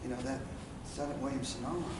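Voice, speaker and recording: A man talks fast in a mid-range voice with fairly even intonation while leading a sales training session in a meeting room. Folksy in manner, he role-plays his lines to customers. He's away from the recorder and not using a microphone, giving a roomy, distant sound with faint room noise.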